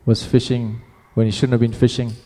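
A man's voice: medium pitch, flat delivery, fairly quick, dark tone, big-room sound. A man preaching a sermon in a casual, conversational way, often restarting his phrases.

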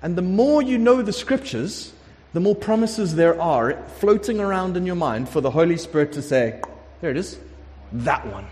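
A man preaching a conversational sermon, emphatic and lively, sometimes acting out prayers. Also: sits high, moderate pace, hardly any pauses. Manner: conversational, emphatic, acts out prayers in shifting voices. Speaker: pastor. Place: warm room with congregation. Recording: long hall reverb.

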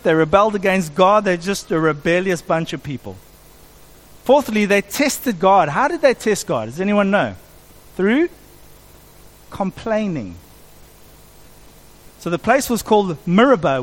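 A middle-aged man preaching a sermon in an animated way, acting out quoted voices as he goes. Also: high-pitched. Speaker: pastor.

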